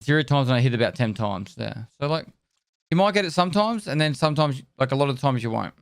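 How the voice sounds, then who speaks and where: A man's voice: medium pitch, animated, fast, vocal fry, no echo, clean studio sound. Man rambling on a live stream. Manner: rambling, answers chat. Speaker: game streamer. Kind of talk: casual live-stream chat.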